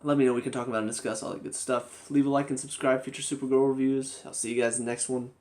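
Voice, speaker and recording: A man's voice: mid-range voice, flat delivery, very fast, darkish tone. A young man doing a video review of a TV episode, ranting in an exasperated, sarcastic way with lots of repetition. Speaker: TV show reviewer.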